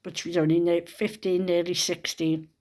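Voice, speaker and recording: A woman's voice: lowish voice, little pitch movement, normal speed, a little mellow. An older woman, telling rambling stories in a casual monologue, with plenty of swearing. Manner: rambling, chatty, salted with swearing. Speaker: vlogger.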